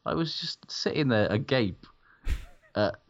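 A man's voice: mid-range voice, lively intonation, slow. A man co-hosting a podcast, chatting casually with dry humour and frequent swearing. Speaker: podcast co-host. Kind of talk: casual sports chat. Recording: dull lo-fi sound.

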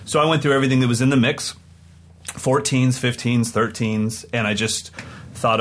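A man co-hosting a podcast, telling stories in an excited, rambling way in casual chat. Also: medium pitch, moderate pace. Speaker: podcast co-host and touring drum clinician.

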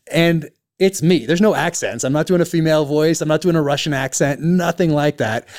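A man's voice: medium pitch, a little mellow, smooth. A man hosting a podcast interview, chatting casually and enthusiastically, with many restarts and fillers. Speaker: podcast host, author.

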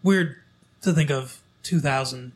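A man hosting a local show, reading from a newspaper in casual chat, halting with fillers and restarts as he goes. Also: medium pitch.

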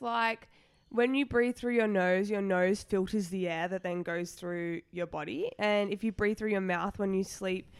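A woman's voice: medium pitch, clean tone, no room sound. A young woman co-hosting a podcast in casual chat, explaining things at length and swearing freely. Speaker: podcast co-host.

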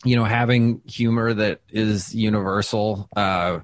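A man who does stand-up, telling stories in a casual interview, chatty and self-deprecating, with lots of fillers and restarts, and he acts out quoted lines with big jumps in pitch. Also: fairly even intonation, a little slow, no room sound. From Wisconsin. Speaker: stand-up comedian, guest. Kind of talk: casual interview talk, storytelling.

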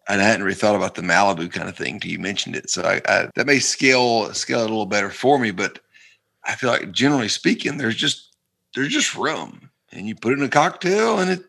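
A man co-hosting a casual tasting podcast, speaking in a halting, hesitant way. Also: lowish voice, creaky, sharp tone. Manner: halting, hesitant, many restarts. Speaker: podcast co-host.

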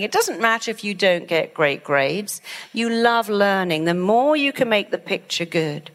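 A middle-aged woman giving a motivational talk, lively and acting out panicked inner voices as she explains. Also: medium pitch, unhurried. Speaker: hypnotherapist and speaker.

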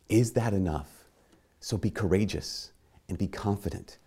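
A man's voice: lowish voice, normal speed, mellow, breathy edge. A man giving a sermon in a conversational, self-mocking way, acting out little dialogues. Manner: conversational, self-mocking, acts out quoted voices.

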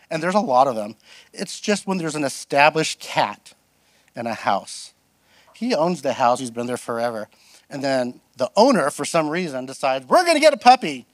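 A man's voice: medium pitch, no room sound. A middle-aged man preaching as a guest pastor, telling funny personal stories and acting out other people's voices. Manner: animated, self-deprecating, acts out quoted voices. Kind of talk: storytelling sermon.

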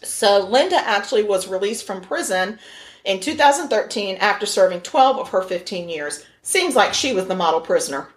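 A woman's voice: medium pitch, lively intonation, moderate pace. A woman hosting a casual true-crime chat, joking and laughing often. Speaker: podcast host.

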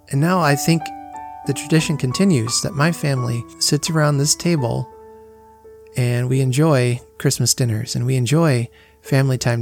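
An earnest male podcast host speaks in a casual, reflective monologue at a middle pitch. He talks at home, and faint music plays softly behind him.

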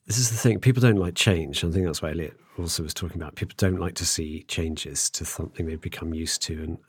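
Speaking fast in a low, husky voice with no room sound, a middle-aged man hosts a podcast. His casual conversation rambles, with frequent restarts and chuckles.

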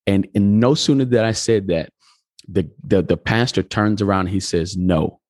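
A man's voice: fairly low pitch, normal speed, no room sound, clean studio sound. A pastor telling his story in a conversational interview, acting out the dialogue as he goes. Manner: animated storyteller, acts out dialogue.

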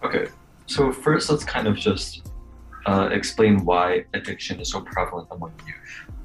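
Young man, deep measured newsreader tone. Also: animated, fairly bright tone, soft background music, low-quality recording. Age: young adult. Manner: measured, newsreader-like, with many uhs. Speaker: podcast co-host. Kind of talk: casual podcast chat. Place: at home. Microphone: bad mic on a Zoom call.

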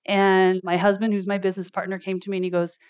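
A woman's voice: mid-range voice, little pitch movement, fast, a little mellow, clean tone, highs cut off. A woman life coach giving a motivational talk at a live event indoors, chatty and storytelling, laughing often.

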